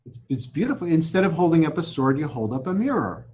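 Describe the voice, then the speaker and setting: A man hosting a casual chat, reflective and calm, often affirming his guest. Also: a little high, fast talker, husky. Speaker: host.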